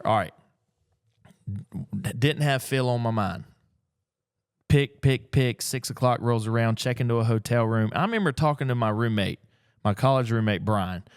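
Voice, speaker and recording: A middle-aged man, telling a story in a casual, folksy, animated way as an antiques picker. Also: lowish voice, moderate pace, dry recording, studio quality. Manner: animated, folksy, acts out the people in his stories. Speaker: antiques picker and auction dealer. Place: auction gallery.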